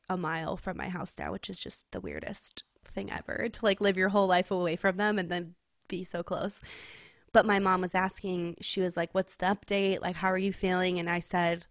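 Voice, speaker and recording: Young woman, from California, chatty podcast storytelling, slightly low voice, dry close sound. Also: no room sound. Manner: chatty storytelling, heavy use of "like", laughs often. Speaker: podcast co-host. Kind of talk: casual heartfelt chat.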